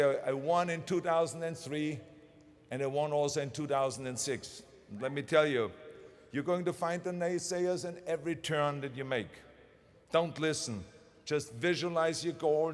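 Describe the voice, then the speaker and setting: A man's voice: fairly high pitch, long reverb tail. A man in his sixties with a German accent, giving a motivational commencement speech, emphatic and driving his points home by repeating phrases. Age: 60s. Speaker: commencement speaker. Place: large ceremony venue.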